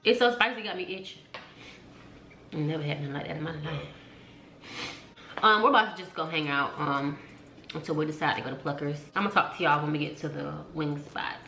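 A woman's voice: low voice, brisk, creaky, long pauses, bright, forceful tone, a little hiss or hum. A young woman vlogging casually to camera, chatty and slangy, calling out to her viewers often. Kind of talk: casual vlog chat to camera. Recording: echoey room.

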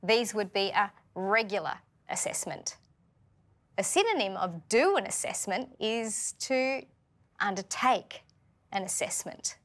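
A woman with an Australian accent teaching a scripted vocabulary lesson, speaking clearly and patiently and putting questions to learners. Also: mid-range voice, animated, measured pace, a bit bright.

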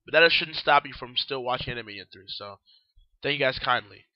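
A man's voice: medium pitch, a little fast, no echo, muffled recording. A young man hosting a casual solo newscast, his voice groggy and worn out, rambling and talking while he eats. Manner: rambling, talks while eating and drinking. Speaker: host.

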